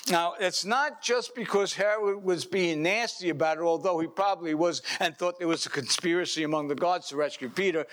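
Animated man preaching a sermon. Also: a little high. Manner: animated, acts out scenes, frequent restarts.

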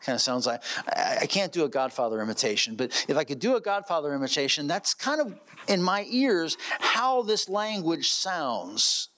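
A male pastor delivers an expository sermon. His voice sits a little high and rises and falls with animated emphasis as he reads scripture and presses his listeners with questions. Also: moderate pace. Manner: expository preaching with rhetorical questions.

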